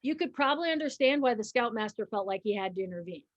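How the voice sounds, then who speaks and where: A woman's voice: on the high side, expressive, quick pace, muffled recording, very noisy. A woman in her fifties doing stand-up comedy, telling a long story in a conversational, self-deprecating way and chuckling as she goes.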